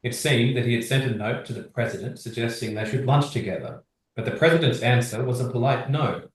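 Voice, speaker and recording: A man's voice: mid-range voice, fairly quick, distant mic. Man reading aloud in a very echoey room. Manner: steady reading, friendly. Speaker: history teacher. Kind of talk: reading sources aloud and discussing.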